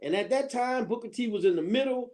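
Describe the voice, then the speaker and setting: A middle-aged woman telling a story as a guest on a talk show, animated and laughing as she acts it out. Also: a little high, fast. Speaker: guest, former school counselor. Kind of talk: storytelling in casual chat.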